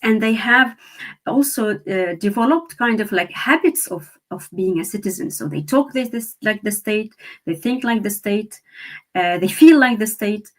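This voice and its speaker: A woman's voice: medium pitch, lively intonation, normal speed. A woman from Syria, a researcher and therapist, speaking as an interview guest with many restarts and fillers. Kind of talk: interview conversation.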